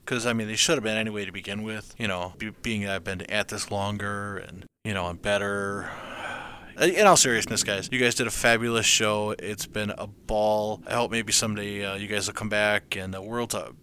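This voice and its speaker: A man's voice: lowish voice, fairly even intonation, brisk, hardly any pauses, sharp tone. A man leaves a teasing, joking voice message to the hosts. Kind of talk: recorded voice message.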